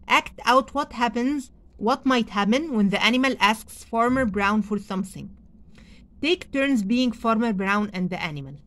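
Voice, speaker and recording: A woman whose first language is Arabic reads a children's storybook aloud as a teacher, with slow, expressive delivery and pauses to ask the class questions. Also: on the high side. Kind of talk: read-aloud story lesson for young children.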